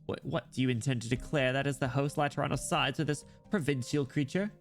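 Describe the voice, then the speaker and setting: A man's voice: mid-range voice, fairly even intonation, a little fast, faint music behind, natural voice. A man voicing a proud, scornful noblewoman duchess who sneers at a foreign envoy. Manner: sneering, imperious.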